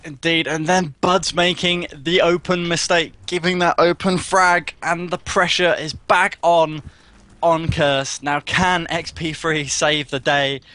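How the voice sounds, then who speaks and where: An energetic male play-by-play caster for an online shooter match. His voice is bright and forceful and sits a little high. He yelps at the highlights. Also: measured pace, no echo. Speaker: esports co-caster. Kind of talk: live esports play-by-play.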